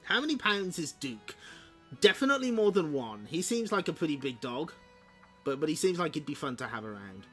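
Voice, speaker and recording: A streamer casually reading a comic to viewers, stopping often to joke about the panels. The voice is slightly husky and swoops up and down in pitch. Faint music plays underneath. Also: big pitch swings, fairly quick, a bit bright. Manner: playful, chuckling asides between read panels. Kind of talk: casual comic read-along with commentary.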